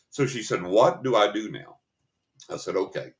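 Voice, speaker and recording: A man's voice: lowish voice, normal speed. A man hosting a paranormal talk show, telling a story in casual chat and acting out the voices of the people in it.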